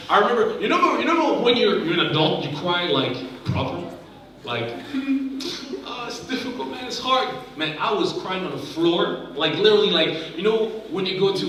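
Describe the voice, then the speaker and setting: Young guy preaching a story, high lively voice, bright, big echoey hall from far off. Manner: animated, acts out quotes in a raised voice. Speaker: youth conference speaker. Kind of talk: storytelling sermon. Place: large conference hall. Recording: echoey hall, mic heard from afar.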